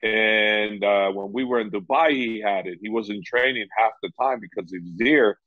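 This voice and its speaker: Low-voiced coach, rambling, lo-fi sound. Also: male voice, normal speed, no echo. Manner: rambling, peppered with "you know". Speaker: MMA coach. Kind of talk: casual interview talk. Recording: dull lo-fi sound.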